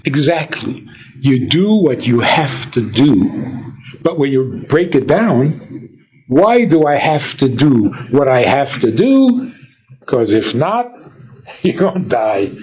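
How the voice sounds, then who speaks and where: A man's voice: medium pitch, big pitch swings, slow, darkish tone, muffled recording. A man who is a rabbi, giving an informal teaching talk full of rhetorical questions, often chuckling. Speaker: rabbi and lecturer.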